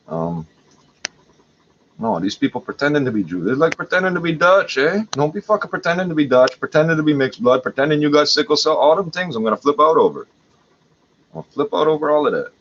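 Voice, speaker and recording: A man's voice: fairly high pitch, fairly bright tone. A man at home hosting a livestream, rambling in an agitated, profane way. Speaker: livestream host. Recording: dull lo-fi audio with faint noise.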